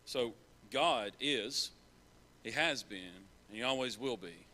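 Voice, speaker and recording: A man's voice: mid-range voice, animated, slow, bright, forceful tone. A man preaching a sermon in a church, earnest and repeating key phrases for emphasis.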